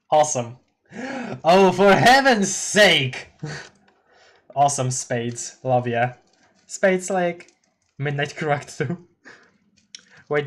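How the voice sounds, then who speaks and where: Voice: medium pitch, slight background noise. Chatty streamer reacting aloud. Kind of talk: live reading and reacting to a webcomic.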